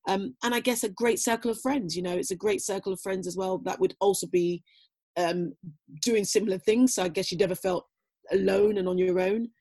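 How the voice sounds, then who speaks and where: Husky woman, reflective and chatty. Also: mid-range voice, fairly even intonation, brisk, darkish tone. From Britain. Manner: reflective, lots of "you know" fillers. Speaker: guest, former athlete. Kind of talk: casual conversational interview.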